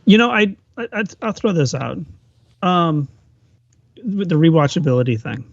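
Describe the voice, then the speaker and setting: A man co-hosting a podcast, musing on films with thoughtful pauses. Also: a little high, big pitch swings, creaky, no room sound. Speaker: podcast co-host. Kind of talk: casual film discussion. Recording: dull, dry lo-fi audio.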